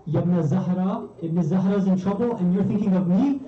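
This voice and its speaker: A preacher playing a defiant wife who demands the sword, raised and forceful in pitch. The sound is dull and echoey, heard from far off in a hall. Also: male voice, normal speed, close to an everyday voice. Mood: indignant. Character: fierce, defiant loyal wife. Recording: roomy, distant, dull hall recording.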